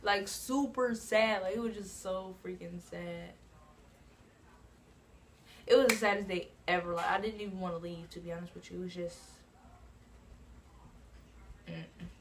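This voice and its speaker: A woman's voice: on the low side, steady tone, moderate pace, background noise. A woman from New Jersey telling a casual storytime on her own channel, rambling and filling her talk with asides like "you know what I'm saying". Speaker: vlogger.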